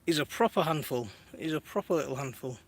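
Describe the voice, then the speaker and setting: A man's voice: fairly high pitch, expressive, quick pace. A man in his thirties chatting casually on a live stream from his garden while minding his toddler, laughing often and reading viewer comments aloud. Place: outdoors in a garden.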